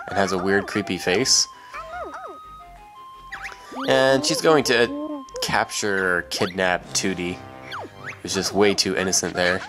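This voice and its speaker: A young man casually commentating a video game, rambling and joking with lots of fillers. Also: sits low. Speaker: let's play commentator. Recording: game music loud behind. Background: game music.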